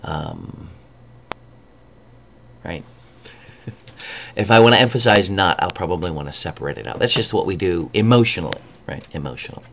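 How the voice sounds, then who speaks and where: A man teaching a recorded language lecture, relaxed and casual, often pausing with "um" and checking in with "right?". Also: low voice, creaky, a little hiss or hum. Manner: relaxed, frequent ums and rhetorical "right?".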